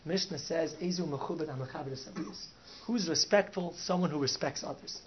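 A man, a rabbi, telling a story in a Torah talk, sprinkling in Yiddish and Hebrew words and swinging from soft to loud. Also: on the high side, moderate pace. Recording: dull lo-fi recording with faint noise.

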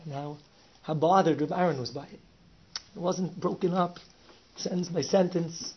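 A man telling a story with lively energy, often laughing and slipping in Yiddish words. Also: fairly high pitch, moderate pace, long pauses, breathy edge. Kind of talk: animated oral storytelling. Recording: dull lo-fi recording with faint hiss.

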